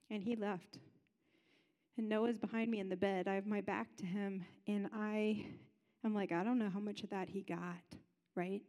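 A woman's voice: medium pitch, steady tone, moderate pace, warm tone, big-room sound. A woman telling a personal story in a sermon, in a conversational way, acting out what other people said. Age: adult parent.

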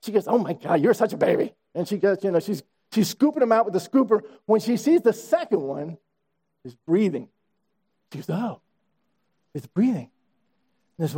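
A man in his sixties preaches with a high voice and a mellow, dark tone. He tells stories in an animated way and comes back to key phrases again and again. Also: brisk, slightly rough. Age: 60s. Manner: storytelling, animated, repeats phrases for emphasis. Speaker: pastor. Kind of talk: sermon.

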